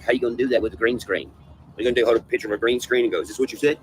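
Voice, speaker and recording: A man's voice: mid-range voice, fairly even intonation, very fast, low-quality recording. A man ranting in a casual livestream panel, profane and conspiratorial, with faint noise behind him. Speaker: panel guest.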